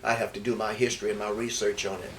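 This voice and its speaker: A man's voice: lowish voice, fast talker. Older man reminiscing, heard from a distance. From Houston, Texas. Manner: rambling, repeats words and restarts, grows lively recalling stories. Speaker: interviewee, former baseball player. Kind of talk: reminiscing storytelling in an interview. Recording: distant mic with faint background noise.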